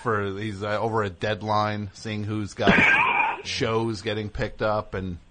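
A man hosting a comedic call-in show, teasing guests and callers with rapid-fire riffs. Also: on the low side, flat delivery, heavy background noise. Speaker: radio show host.

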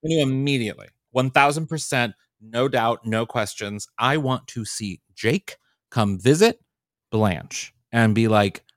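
A man's voice: medium pitch, measured pace, dry recording, clean studio sound. A man co-hosting a podcast in casual chat, enthusiastic and playful, sometimes gushing. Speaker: podcast co-host.

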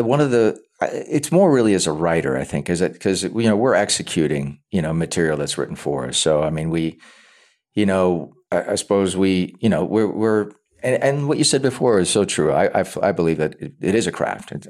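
A man being interviewed about his acting work, talking in a halting way and often repeating words as he thinks aloud. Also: deep voice, expressive, a little mellow. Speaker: actor, interview guest. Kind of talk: casual interview talk.

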